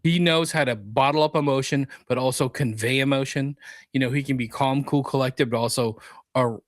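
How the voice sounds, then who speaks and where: A man's voice: mid-range voice, fairly even intonation, brisk, no room sound. A man co-hosting a geek culture podcast, chatting casually and reading news items aloud. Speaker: podcast co-host. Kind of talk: casual chat.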